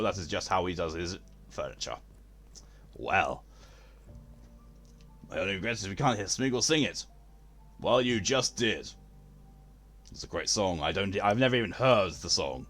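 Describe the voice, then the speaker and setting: Casting: low-voiced male streamer, theatrical and expressive. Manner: theatrical, posh-leaning delivery. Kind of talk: casual live game stream chat.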